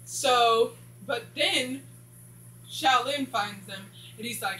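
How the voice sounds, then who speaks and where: A woman's voice: fairly high pitch, slow, pushed and bright. A woman casually recapping a TV episode, rambling and skipping dialogue with "blah, blah.". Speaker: TV show reviewer. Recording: echoey room with faint hum.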